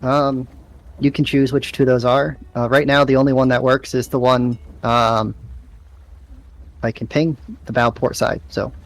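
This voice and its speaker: A man narrating as game master in a relaxed way, with lots of ums and uhs. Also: medium pitch, measured pace. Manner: relaxed, with many fillers.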